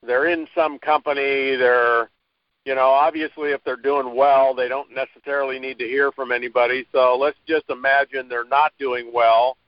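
A man's voice: mid-range voice, fairly even intonation, normal speed, no room sound. A man hosting an interview, asking long, encouraging questions that draw the guest out. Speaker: interview host. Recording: dry, dull lo-fi audio.

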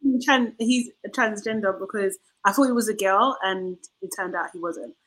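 A woman's voice: mid-range voice, moderate pace, a bit bright, poor audio. A woman co-hosting a casual podcast, chatty and laughing easily, often trailing off mid-sentence. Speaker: podcast co-host. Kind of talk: casual chat.

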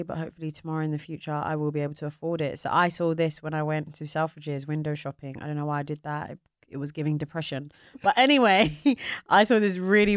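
A woman's voice: sits low, smooth, no echo, studio quality. A young woman co-hosting a podcast in a playful, chatty way, often laughing. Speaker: podcast co-host. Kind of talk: casual chat.

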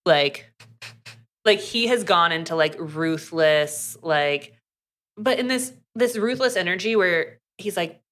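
Woman podcast co-host, bright tense tone, lowish voice, chatty recap peppered with "like" and quoted dialogue. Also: animated. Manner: chatty, fast recap full of "like" and acted quotes. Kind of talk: casual book recap.

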